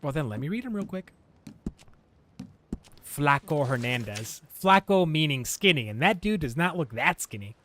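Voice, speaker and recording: A man streaming a video game, chatting casually in an animated way, often chuckling and reading in-game text aloud. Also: a little high, moderate pace, a little hiss or hum. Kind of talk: casual gameplay commentary.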